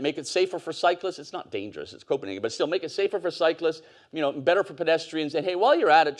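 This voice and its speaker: Man, 40s, relaxed storytelling conference speaker. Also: medium pitch. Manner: conversational, storytelling, with fillers and laughs. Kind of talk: conference talk. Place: conference stage.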